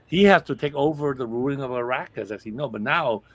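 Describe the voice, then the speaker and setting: A man's voice: mid-range voice, expressive, fairly quick, no room sound. A man appearing as a guest on a casual live movie review chat, talkative and agreeing constantly. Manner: chatty, agrees constantly with yeahs.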